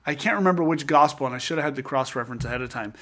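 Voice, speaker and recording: A man's voice: medium pitch, rapid-fire. A man casually discussing scripture, retelling the story with energy and joking asides. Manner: animated storyteller who acts out quotes with jokes.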